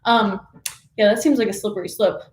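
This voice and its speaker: In an echoey home office with a little background noise, a woman hosts a casual livestream show and tell. Her medium-pitched voice keeps a steady tone and a fairly quick pace as she gushes and laughs often.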